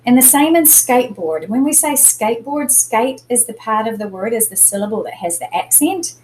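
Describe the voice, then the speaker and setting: A woman's voice: fairly high pitch, animated, moderate pace, darkish tone, slight background noise, poor audio. A middle-aged woman teacher giving a recorded spelling lesson, patiently explaining step by step and stressing syllables.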